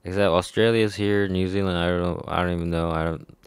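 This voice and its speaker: A man's voice: low-pitched, steady tone, a little fast, clear, resonant tone, dry recording, clean studio sound. A man in a rambling, profane monologue to camera, chuckling often between remarks. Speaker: vlogger. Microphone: personal microphone.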